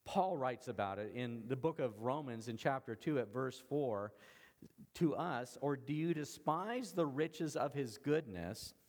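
A man's voice: mid-range voice, expressive, unhurried, darkish tone. Earnest man preaching in a hall. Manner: earnest, emphatic preaching with repeated phrases. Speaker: pastor. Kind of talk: sermon.

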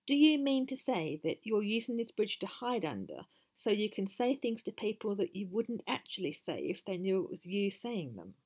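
A woman's voice: medium pitch, very animated, moderate pace, hardly any pauses, a little mellow. A woman voicing a magnanimous, polite mother goat in a storybook reading. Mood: reasoning. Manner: polite and reasonable.

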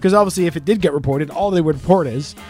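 Fast-talking man telling stories. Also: fairly high pitch, darkish tone, faint music behind. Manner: fast, swearing storyteller who acts out quotes. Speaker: podcast co-host. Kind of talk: casual podcast chat.

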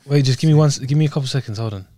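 A young man co-hosting a podcast, throwing in quick teasing banter and interruptions. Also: mid-range voice, mellow, no echo, studio quality. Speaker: podcast co-host. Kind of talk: casual chat.

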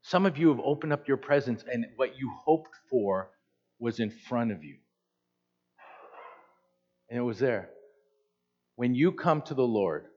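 A man in his fifties preaches a sermon in a mid-pitched voice, animated and conversational with joking asides. He speaks as a pastor addressing a congregation. The recording sounds a little dull and lo-fi. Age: 50s.

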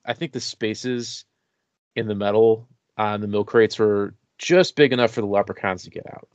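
A man's voice: fairly low pitch, moderate pace, dry recording. Man cracking dry jokes. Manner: dry jokey asides. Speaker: podcast co-host. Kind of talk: casual chat.

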